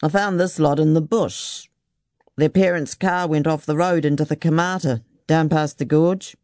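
A woman voicing a gruff, laconic rural man who talks flatly in few words. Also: sits low, moderate pace, no room sound, studio quality, close to an everyday voice. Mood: terse.

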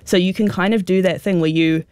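A woman's voice: lowish voice, steady tone, a little fast, darkish tone, smooth, no echo, studio quality. A woman with a New Zealand accent, a guest expert explaining slang in a radio interview, talking with many fillers like "sort of" and "um".

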